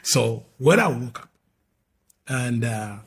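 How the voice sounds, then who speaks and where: A Ugandan man around fifty, an apostle, earnestly telling his conversion story as a sermon, shifting between loud declarations and hushed moments. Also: medium pitch, lively intonation, slow pace, breathy edge. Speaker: apostle giving his testimony. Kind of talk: preached personal testimony.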